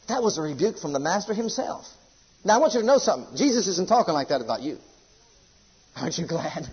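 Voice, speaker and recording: Husky-voiced man preaching fervently. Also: sing-song, fast, dull audio. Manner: fervent, swinging from loud exhortation to low intensity. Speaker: pastor. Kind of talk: sermon.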